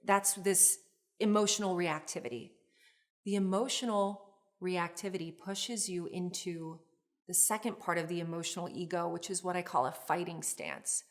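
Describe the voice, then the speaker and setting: A woman's voice: lowish voice, normal speed. A middle-aged woman therapist teaching a relationship course in an earnest, explanatory way. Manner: earnest, explanatory, with acted example phrases. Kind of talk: instructional video lecture.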